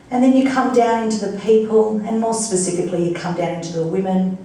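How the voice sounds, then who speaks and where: A woman's voice: mid-range voice, warm tone, a little hiss or hum. Brief: woman motivational speaker, chatty and playful, picked up from a distance in a very echoey function room. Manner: chatty, playful, rhetorical questions to the crowd. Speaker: guest speaker at a fundraising breakfast. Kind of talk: motivational speech to an audience. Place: large function room with an audience.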